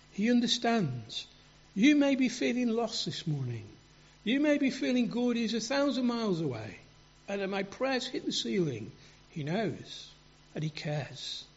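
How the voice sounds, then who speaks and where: Male preacher, earnest and halting; lively high voice, dull lo-fi recording. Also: slightly rough. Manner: earnest, halting with many repeats and restarts. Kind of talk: sermon. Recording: dull lo-fi sound.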